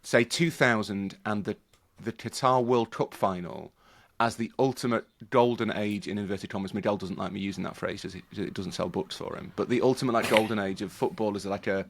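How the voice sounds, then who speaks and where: A man's voice: on the low side, a little fast, vocal fry, few pauses. A man in a casual panel chat, thinking aloud with many restarts. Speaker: podcast panelist.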